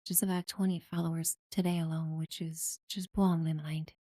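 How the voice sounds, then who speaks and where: Mellow-voiced woman streamer chatting. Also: low voice, flat delivery, moderate pace, no room sound, clean studio sound. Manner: friendly, thanks followers warmly, many fillers. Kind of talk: casual live gameplay chat.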